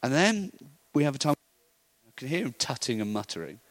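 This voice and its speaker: A middle-aged man telling an animated story in a sermon, acting out the voices of the people in it. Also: mid-range voice, a little fast, poor audio. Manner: animated storytelling, acts out voices, laughs often. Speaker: preacher. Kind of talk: sermon anecdote.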